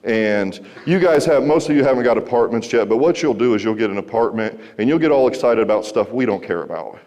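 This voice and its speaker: A man's voice: mid-range voice, lively intonation, a little fast, a little mellow. Man telling a story in a large hall. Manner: conversational, wry, asks the audience questions. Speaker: recovery speaker. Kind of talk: storytelling talk to a school audience. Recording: hall reverb.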